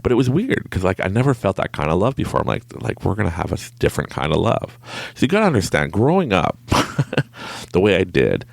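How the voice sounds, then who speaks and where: A young man with a low, gravelly voice tells a personal story in a loose, casual way. His pitch swings widely as he acts out what people said, and he laughs often. The sound is close and dry. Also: very animated, brisk, no room sound. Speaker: podcast host.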